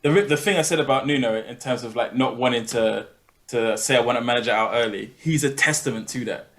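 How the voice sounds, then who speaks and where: A man's voice: medium pitch, brisk, a bit bright. A young man chatting casually as a podcast co-host, emphatic and repeating his points. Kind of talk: casual chat.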